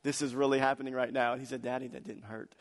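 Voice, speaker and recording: A man preaching a sermon as pastor, telling family stories with laughter and swinging between loud, excited passages and soft, hushed ones. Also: medium pitch, fast, gravelly. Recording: long hall reverb.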